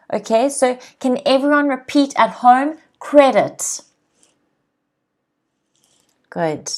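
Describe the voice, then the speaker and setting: A woman teaching English on a live stream from home. She talks at an unhurried pace in a mid-range voice. She says each vocabulary word slowly and clearly so students can repeat it. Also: mid-range voice. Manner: slow, clear, repeats words for pronunciation drills.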